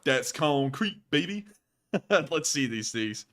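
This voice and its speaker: A man's voice: fairly high pitch, animated, slow, a bit bright. A man hosting a casual live stream, joking around, laughing often and repeating his phrases as he reacts to viewer messages. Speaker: show host reading viewer messages.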